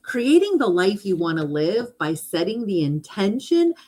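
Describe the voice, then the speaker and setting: Wanita yang ramah dan suka mengobrol. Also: female voice, mid-range voice, unhurried, rough recording. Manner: chatty, animated, many fillers. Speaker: host, hypnotherapist. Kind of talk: casual chat about affirmations.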